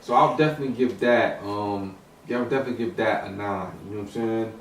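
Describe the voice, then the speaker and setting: A man's voice: fairly low pitch, quick pace. A man in a casual hip hop discussion, talking in a rambling way with many restarts and fillers. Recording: roomy echo, distant mic, some noise.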